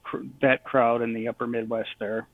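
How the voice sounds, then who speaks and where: A man's voice: mid-range voice, level tone, moderate pace, dry recording. A man co-hosting a casual chat show, dropping dry wisecracks. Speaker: podcast co-host. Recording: tinny phone-like line.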